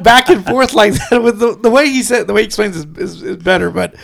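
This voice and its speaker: This man speaks in a high register with a gravelly rasp to his voice. He co-hosts a podcast in casual chat, laughing often and slipping quoted lines into his stories. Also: steady tone, fast, a bit bright. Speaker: podcast co-host.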